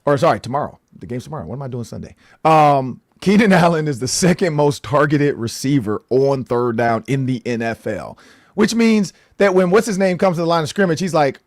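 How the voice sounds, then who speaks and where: A man's voice: medium pitch, no echo, studio quality. A man co-hosting a casual sports analysis show, rambling and jokey, often correcting himself mid-sentence.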